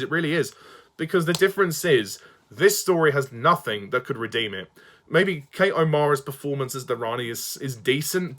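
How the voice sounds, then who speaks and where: A man's voice: medium pitch, a bit bright. Exasperated man ranting in a review. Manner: exasperated, swearing, sighing. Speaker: fan reviewer.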